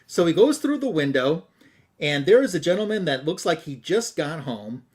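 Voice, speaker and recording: Guy on a podcast going through an old holiday comic, kinda higher voice, chatty and amused, tosses in little quoted bits. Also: big pitch swings, normal speed, a little mellow. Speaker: podcast host. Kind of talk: casual retelling of a comic story.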